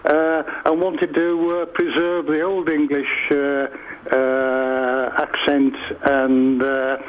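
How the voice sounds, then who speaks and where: Man, radio caller, halting, many fillers, slightly high, dull lo-fi line. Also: flat delivery. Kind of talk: phone-in chat.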